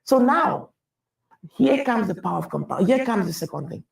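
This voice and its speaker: Guy with a real gravelly voice, talking to a crowd, echoey room, a bit far from the mic. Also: high-pitched, sing-song, moderate pace. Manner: emphatic, repeats phrases while building a point. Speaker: speaker on wealth and taxes. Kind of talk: public talk to an audience.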